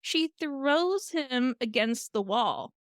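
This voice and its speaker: Woman co-host, casual chat, fairly high voice, lively retelling, dry studio sound. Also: slow, clear, resonant tone, no room sound. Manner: animated storytelling, retelling a tale with quoted lines and laughs. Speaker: podcast co-host.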